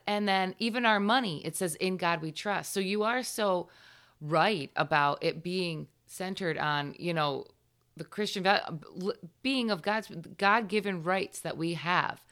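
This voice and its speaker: A woman's voice: fairly low pitch, expressive, measured pace, a bit bright. A woman of about forty from upstate New York, with a New York accent, hosting a podcast interview in a chatty, agreeable way and laughing often. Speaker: podcast host. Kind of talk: casual interview chat.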